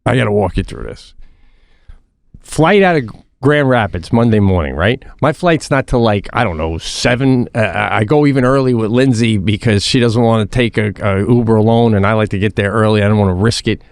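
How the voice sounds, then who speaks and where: A man co-hosting a podcast, telling a casual story in an animated way, swearing and restarting his sentences. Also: fairly low pitch, brisk, gravelly, dry recording, clean studio sound. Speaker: podcast co-host.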